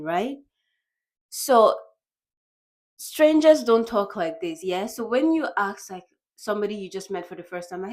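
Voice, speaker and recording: A young woman from Nigeria talking casually to the camera in a vlog, chatty and lively, acting out little bits of dialogue. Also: medium pitch, measured pace. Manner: chatty, animated, acts out quoted dialogue with laughs. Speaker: vlogger. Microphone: small bought microphone.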